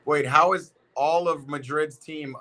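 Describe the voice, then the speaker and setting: A man's voice: a little high, fairly even intonation, unhurried, bright, forceful tone. A man streaming a football watch party, reacting in a loose, slangy, exclaiming way. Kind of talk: live football watch-along commentary.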